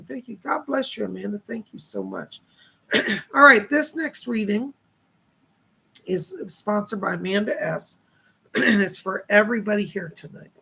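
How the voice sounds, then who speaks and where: A man with a heavily gravelly voice hosts a live psychic reading stream. His tone is husky and a little rough. He talks in an earnest, reassuring way and blesses his viewers. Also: sits high, sharp tone. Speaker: psychic medium host.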